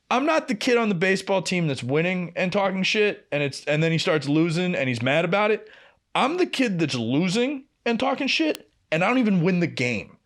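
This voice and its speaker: A young man co-hosting a podcast, telling a work story in casual chat, swearing a lot and acting out what people said. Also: high-pitched. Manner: profane, animated storyteller who acts out quotes. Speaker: podcast co-host.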